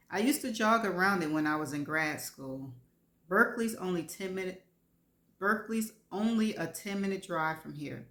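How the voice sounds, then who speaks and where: A woman's voice: lowish voice, fairly bright tone. A woman in her fifties or older reading a first-person story in a candid, wry, self-deprecating way. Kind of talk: first-person audiobook narration. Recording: roomy echo.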